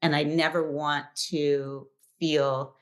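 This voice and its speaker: Candid, deep-voiced woman co-host. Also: flat delivery, takes it slowly. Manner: candid and reflective. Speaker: podcast co-host. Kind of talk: casual podcast conversation.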